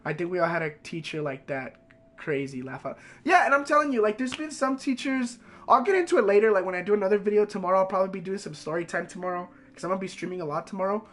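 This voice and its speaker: A man's voice: high voice, expressive, quick pace, fairly bright tone. A young man, a game streamer, rambling through a profane story in casual chat.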